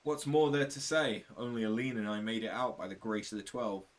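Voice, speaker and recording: A man voicing a grim, weary surviving adventurer, reading game dialogue aloud in a low, bitter, somber way. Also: steady tone, a little fast, lightly acted.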